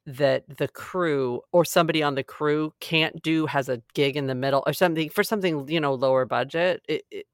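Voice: mid-range voice, a little fast, hardly any pauses, clear, resonant tone, no room sound, studio quality. A podcast co-host in casual chat who asks a lot of questions while reacting to a reality show. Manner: quizzical, asks lots of questions.

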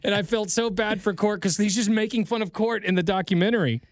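A man's voice: high-pitched, fast talker, no echo, clean studio sound. Blunt, ranting male radio host. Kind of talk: casual radio banter.

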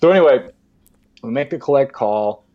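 Telling a personal story as a podcast guest, this man speaks at a normal speed in a mid-range voice. He's animated, performing the voices of whoever he quotes, and the recording has a dull lo-fi quality.

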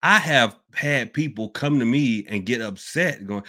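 A man's voice: medium pitch, expressive, a little slow, pushed and bright. Man, podcast host, casual talk, rambling, repeats phrases, says y'all. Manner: rambling, repeats himself, addresses listeners as y'all. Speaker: podcast host and hoodoo worker.

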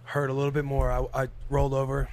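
A man of thirty co-hosting a podcast, telling laid-back stories that burst into shouting. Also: medium pitch, monotone, fast talker, a little hiss or hum. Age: 30s. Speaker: podcast co-host. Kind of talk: casual podcast banter.

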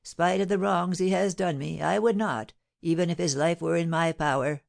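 A woman's voice: lowish voice, fairly even intonation, moderate pace, creaky, darkish tone. A woman voicing a mournful, timid middle-aged male porter who moans in a dolorous voice. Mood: doleful. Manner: moaning, dolorous.

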